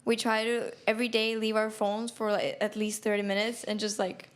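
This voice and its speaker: A young woman from Finland answers interview questions about her band. She talks in a relaxed, casual way, full of fillers. Her pitch sits in the middle range. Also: moderate pace. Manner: relaxed, filler-heavy chat. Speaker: band member.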